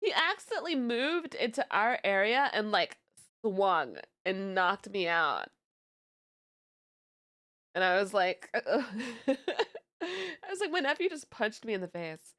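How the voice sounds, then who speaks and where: A young woman VTuber chatting casually on stream, telling stories in an animated, giggly way and sounding tired. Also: medium pitch, takes it slowly, pauses often.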